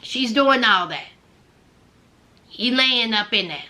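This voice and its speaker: A woman with a Southern US accent speaks directly to her viewers in casual, sassy, emphatic commentary on a reality show. Her voice is fairly high, expressive, and sharp, and she talks at a slow pace.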